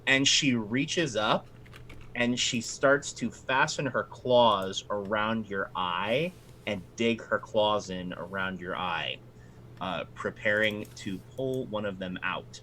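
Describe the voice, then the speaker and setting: A man narrating as dungeon master, animated and quick, shifting between tense description and playful banter. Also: lowish voice, slight background noise. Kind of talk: narrating a tabletop game.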